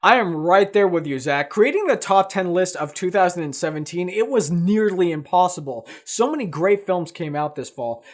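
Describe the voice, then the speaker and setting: High-voiced enthusiastic male film reviewer. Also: expressive, moderate pace, few pauses. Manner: emphatic, enthusiastic, piles up superlatives. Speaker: film reviewer co-hosting a countdown. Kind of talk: casual film talk.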